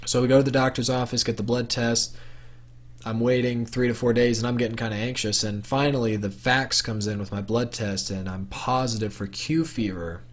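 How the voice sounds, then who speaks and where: A man's voice: mid-range voice, steady tone, brisk. A young man telling a personal story to camera for his vlog in a casual, rambling way, full of fillers and restarts. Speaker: vlogger.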